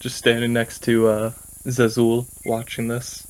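Calm easygoing man at a game table. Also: mid-range voice, measured pace, clear, resonant tone, poor audio. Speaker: player. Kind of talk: casual tabletop play.

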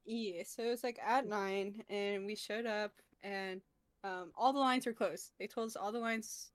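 A woman's voice: mid-range voice, steady tone, a little slow, no room sound. A young woman guest on a casual podcast, recounting events in a chatty, filler-heavy way with laughs in between.

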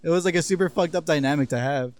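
A young man casually telling profane, laughing high school stories on a podcast and acting out what people said. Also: fast talker, no room sound. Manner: profane, laughing storyteller who acts out quotes. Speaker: podcast co-host. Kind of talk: casual storytelling chat.

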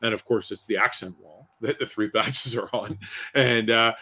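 A man with a fairly low voice talks casually as a podcast co-host. He rambles and often repeats his words before getting them out. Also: steady tone, moderate pace, bright, forceful tone, husky. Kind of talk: casual chat.

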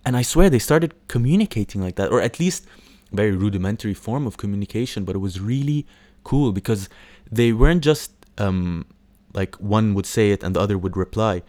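A man's voice: fairly low pitch, animated, fairly quick, hardly any pauses, darkish tone, no room sound. A man hosting a casual solo podcast, rambling with lots of fillers, swearing and mocking impressions. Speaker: podcast host.

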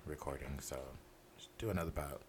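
A man's voice: extremely low pitch, fast, slight background noise. A man co-hosting a casual podcast, sassy and playful, laughing often. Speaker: podcast co-host. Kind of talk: casual chat.

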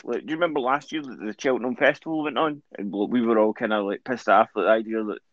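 A man's voice: mid-range voice, quick pace, a bit bright, no room sound, muffled recording. A man co-hosting a podcast, talking loosely and swearing casually. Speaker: podcast co-host. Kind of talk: casual chat.

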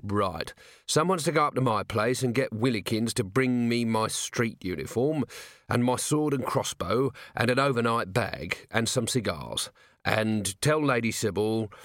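A man's voice: on the low side, a bit bright, dry recording. A harried watch commander in middle age, brusque and practical, snapping out orders, read by a man. His voice sits near the reader's own, dry and close.

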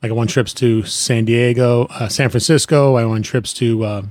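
A middle-aged man, a guest on a chat show, telling family stories in a rambling way with many restarts and lively imitations of people. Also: medium pitch, normal speed, no room sound. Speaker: guest, retired plumbing business owner. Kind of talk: casual storytelling chat.

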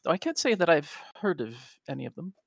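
A man voicing a mysterious young femme fatale who is gracious, smooth and politely probing in a tabletop game. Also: on the high side, very animated, fast talker, dry recording, voice pushed up, heavily acted.

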